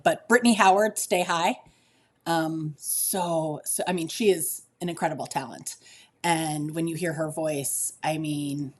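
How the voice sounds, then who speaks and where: Low-voiced woman, an enthusiastic podcast guest. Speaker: podcast guest, business leader. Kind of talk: casual chat.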